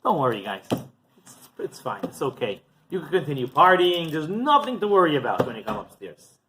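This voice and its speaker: A man's voice: a little high, very animated, a little fast, noisy background. A man voicing the ghost of a carefree drunk who tells his friends about heaven in a chatty, defensive way. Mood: reassuring.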